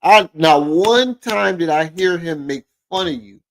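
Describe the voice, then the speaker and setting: A man's voice: fairly high pitch, animated, a little slow, poor audio. A man hosting a stream, giving profane, sarcastic reaction commentary. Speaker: streamer host.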